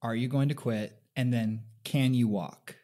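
A man's voice: medium pitch, steady tone, unhurried. A man hosting an interview, talking casually with frequent stammering restarts. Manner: warm, chatty, stammering restarts. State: emotional, sniffling. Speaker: podcast host.

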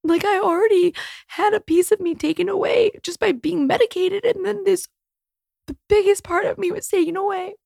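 A woman's voice: extremely high pitch, steady tone, normal speed, gravelly, a little mellow, dry recording, clean studio sound. A woman in her thirties hosting a solo podcast, speaking in a raw, candid, emotional way and swearing freely. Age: 30s. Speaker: podcast host.

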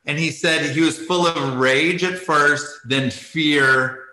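A man's voice: a little high, fairly even intonation, takes it slowly, sharp tone, reverberant, poor audio. A middle-aged man, a former ice hockey player, telling stories as a guest in a casual video-call interview, rambling, full of "like" and laughing as he goes, tearful at moments. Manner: rambling, says "like" often, laughs while telling.

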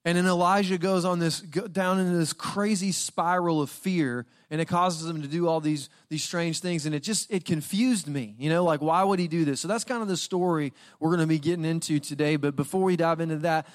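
A man's voice: on the high side, steady tone, brisk, few pauses. A young man preaching as a guest speaker, telling funny personal stories in a conversational way and laughing often before turning to his sermon. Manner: conversational, jokey storytelling with frequent laughs.

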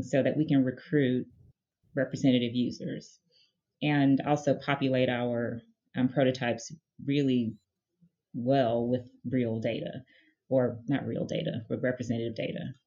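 A woman's voice: extremely low pitch, little pitch movement, a little slow, warm tone, dull audio. A woman guest in an interview, explaining her research team in a thoughtful, conversational way with frequent fillers. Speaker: guest, head of user research.

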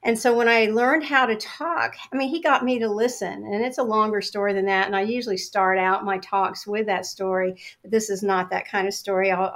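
A middle-aged woman shares a story from her working life as an interview guest. She tells it with energy and acts out her own past replies, at an ordinary mid-range pitch.

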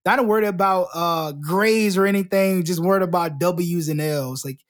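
A young man from Florida chatting loosely on a podcast, full of slang and easy laughs. His voice sits high for a man. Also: normal speed. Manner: laid-back slangy talk, laughs easily. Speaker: podcast co-host. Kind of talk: casual chat.

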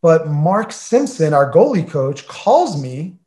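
Speaking slowly in a warm, slightly high voice with big swings in pitch, this man in his forties is a guest on an interview. He spins a casual, chatty story packed with fillers, performing the quoted exchanges as he goes.

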